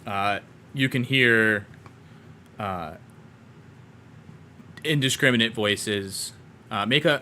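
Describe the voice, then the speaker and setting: A man's voice: fairly low pitch, expressive, slow, pauses often, sharp tone, slight background noise. A man narrating a tabletop game as game master, in a loose, rambling way full of fillers.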